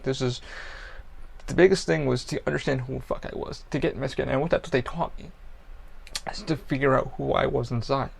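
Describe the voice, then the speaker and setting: A man's voice: medium pitch, fairly even intonation, brisk, gravelly, slightly rough. A man hosting a podcast, talking bluntly and profanely in a rambling personal monologue. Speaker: podcast host.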